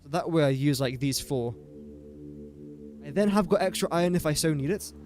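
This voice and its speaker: A man's voice: a little high, fairly quick, darkish tone, faint music behind. Rambling man streaming a game. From England. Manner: rambling self-talk, easily sidetracked. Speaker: gaming streamer. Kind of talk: casual gameplay commentary.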